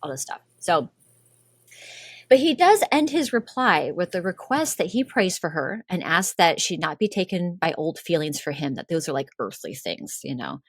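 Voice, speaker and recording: A woman's voice: fairly low pitch, big pitch swings, normal speed, dry recording, clean studio sound. A woman hosting a podcast, retelling a story in casual chat, giggly and full of "like" fillers. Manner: giggly, chatty, lots of "like" fillers. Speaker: podcast host.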